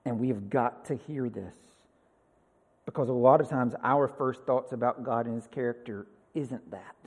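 A man preaching a sermon as pastor, earnest, swinging from loud emphasis to a hushed near-whisper. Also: medium pitch, moderate pace, breathy edge. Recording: long hall reverb.

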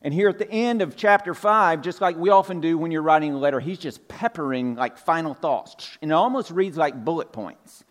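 Male pastor, slightly high voice, easygoing sermon delivery, restates points, loose filler words. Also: a little fast, hardly any pauses. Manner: casual, repeats points, many "like" fillers. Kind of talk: conversational sermon. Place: church sanctuary.

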